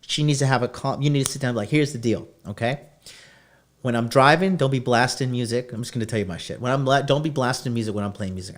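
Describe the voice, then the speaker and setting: A male podcast host giving dating advice in a brash, profane rant, lecturing his listeners. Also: medium pitch.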